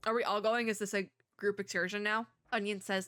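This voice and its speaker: A woman's voice: mid-range voice, fairly quick, bright, forceful tone, no echo. A woman hosting a let's-play of a story game, reading the text aloud and rambling through asides, her voice a bit worn from illness. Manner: chatty, rambling asides with frequent laughs. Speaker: VTuber let's-play host.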